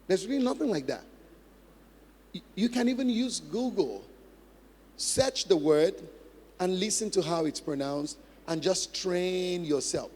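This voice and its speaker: A man's voice: high voice, expressive, unhurried, pauses often, a little mellow. A male pastor giving a conversational teaching sermon, laughing often and repeating points for emphasis. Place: church hall. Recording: long church reverb, faint music.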